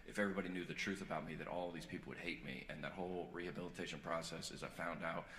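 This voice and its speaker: A man performing a stand-up comedy set live on stage, moving between quiet earnest confession and loud joking banter with the crowd. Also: deep voice, fairly even intonation, rapid-fire, slight background noise. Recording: echoey venue with loud audience ambience.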